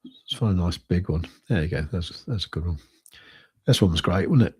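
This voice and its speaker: Casual chart commentary comes from a British man hosting a crypto trading livestream, who thinks aloud and uses a lot of fillers. His low-pitched voice is darkish and slightly rough, at a moderate pace.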